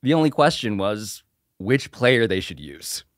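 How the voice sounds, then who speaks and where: A man's voice: lowish voice, sing-song, unhurried, no echo, studio quality. Wry man narrating a reported story. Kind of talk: scripted narration.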